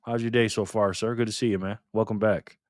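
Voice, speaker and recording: A man's voice: fairly low pitch, level tone, fairly quick, no room sound, clean studio sound. A man hosting a casual live stream, upbeat and chatty as he reads out viewer names and thanks them one by one.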